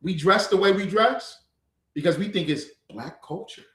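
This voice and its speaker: A man's voice: sits high, normal speed, fairly bright tone, reverberant. A man teaching a livestreamed scripture class, lecturing emphatically with rhetorical questions.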